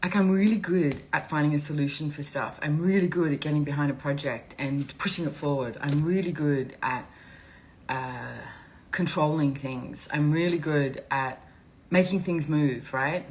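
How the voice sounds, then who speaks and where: Low-pitched woman rambling on a live stream, teary and open, faint hiss behind. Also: moderate pace, a little mellow, rough recording. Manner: rambling, candid and emotional, laughs often. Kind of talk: casual live-stream talk.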